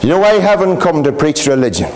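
A Northern Irish man preaches a revivalist gospel sermon with a fairly high voice. His pitch leaps and falls all over as he drives home each point again and again, calling out to his hearers as friends. A faint hiss sits under the recording. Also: very animated, quick pace, darkish tone, low-quality recording. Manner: emphatic, repetitive, addresses listeners as friends. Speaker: pastor. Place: gospel hall.

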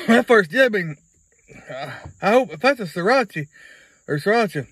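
Folksy man with a lively, high voice. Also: a little fast, pauses often, slightly rough, no room sound, rough recording. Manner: folksy, rambling, repeats himself. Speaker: vlogger. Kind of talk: casual video blog.

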